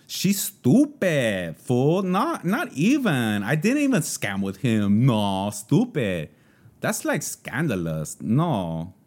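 A man's voice: medium pitch, huge pitch swings, slow, heavily acted. A man imitating a ditzy young Valley Girl woman with a drawling, sneering slang delivery. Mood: snippy.

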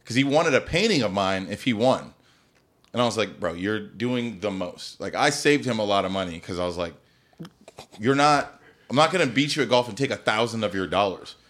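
A man in casual chat on a podcast, telling stories in a profane, animated way. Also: on the low side, brisk. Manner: profane, animated storytelling with laughter.

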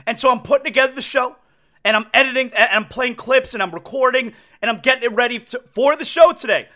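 High, bright-voiced emotional sports podcast host. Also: male voice, fast. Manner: emotional, stammering restarts. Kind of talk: excited solo sports talk.

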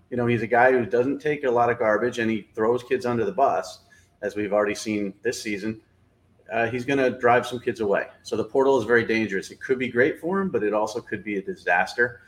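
A man giving blunt, opinionated college football analysis in casual talk, with plenty of fillers. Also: mid-range voice. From New England.

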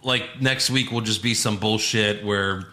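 Male co-host, bright voice, casual swearing recap, echoey room. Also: on the low side, steady tone, a little slow. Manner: swearing, playful recap with mock quotes. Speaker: podcast co-host recapping wrestling. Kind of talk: casual chat.

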